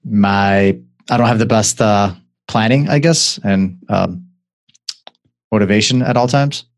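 Man, low voice, interview guest, hesitant, short answers. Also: unhurried.

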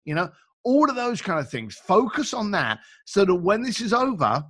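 Bright, high-voiced chatty man. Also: moderate pace, slightly rough. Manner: animated, chatty, acts out quotes; informal slang. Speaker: guest. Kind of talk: casual storytelling.

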